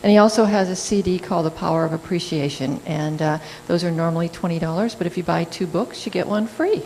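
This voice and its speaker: A woman's voice: fairly low pitch, quick pace, darkish tone. Woman leading church announcements. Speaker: service leader. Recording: echoey hall with faint hum.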